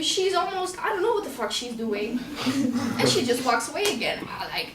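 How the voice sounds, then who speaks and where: Very animated and talking a little fast, a high-voiced woman tells a personal story in a plain, casual way, repeating things and sometimes swearing. Background noise is present, and the distant mic makes the sound roomy with faint ambience.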